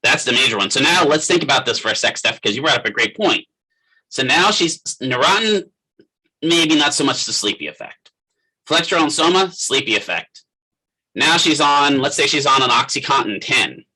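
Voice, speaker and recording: A man's voice: mid-range voice, animated, moderate pace, bright, forceful tone, breathy edge, rough recording. A middle-aged man teaching a physical therapy class in a conversational lecture, often putting questions to students by name. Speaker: physical therapist assistant instructor.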